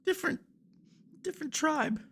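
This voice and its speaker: A man's voice: extremely high pitch, animated, fairly bright tone, slight background noise, voice pushed up, heavily acted. A man voicing a frightened, grieving young village boy who stammers through his sobs. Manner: sobbing, halting, stammering repeats.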